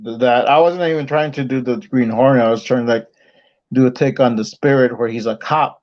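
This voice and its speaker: A man calling in to a livestream who chats casually and haltingly about his comic project. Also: medium pitch, dull audio. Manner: halting, many fillers and restarts. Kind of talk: casual chat on a call.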